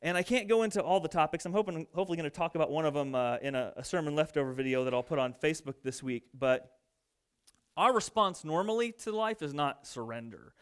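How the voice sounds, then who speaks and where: Male pastor, high voice, smooth tone, animated conversational preaching. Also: quick pace. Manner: storytelling, animated and conversational with the congregation. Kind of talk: sermon. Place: church sanctuary.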